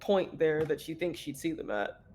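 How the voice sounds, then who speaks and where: A woman's voice: deep voice, lively intonation, normal speed, a little mellow, a little hiss or hum. A woman playing in a tabletop game, unhurriedly describing what her character does. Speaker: player. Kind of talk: casual chat in a tabletop game.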